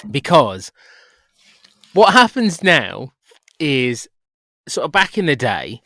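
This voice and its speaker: A man's voice: mid-range voice, very animated, takes it slowly, pushed and bright. Man sharing stories with laughs. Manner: storytelling, laughs at himself. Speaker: hairstylist guest. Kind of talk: casual chat.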